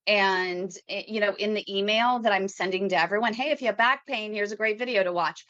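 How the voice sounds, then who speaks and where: A woman's voice: medium pitch, fairly quick, a bit bright, no room sound, highs cut off. A woman hosting a live podcast, talking in a chatty, rambling way with fillers and restarts. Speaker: podcast host. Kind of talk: casual live podcast talk.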